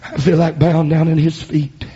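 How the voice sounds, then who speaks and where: A man preaching a sermon, building into loud shouted, chanted passages. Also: a little high, little pitch movement, normal speed, dull audio, slight background noise.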